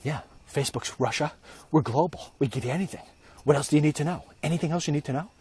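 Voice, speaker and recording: A man's voice: on the high side, fast, darkish tone, breathy edge, no echo. A man impersonating a fawning, overly obliging male tech boss in a comic bit. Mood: gushing.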